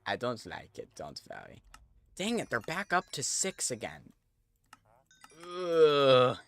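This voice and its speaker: A man's voice: lowish voice, wildly swooping pitch, moderate pace, vocal fry, pushed and bright, husky. A man streaming a game, chatting casually to viewers as he thinks aloud and corrects himself. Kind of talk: casual gameplay commentary.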